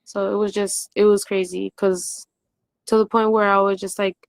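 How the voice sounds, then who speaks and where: A woman's voice: mid-range voice, little pitch movement, normal speed, gravelly, no echo. Brief: woman guest, eyewitness, rambly filler-heavy speech, dry close sound. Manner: rambling, many "like" and "you know" fillers. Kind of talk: live stream interview, recounting.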